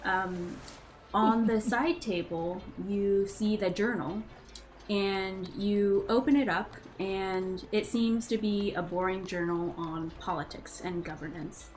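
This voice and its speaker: A woman's voice: mid-range voice, slow, rough recording. Woman narrating as game master. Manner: relaxed, hesitant with many fillers.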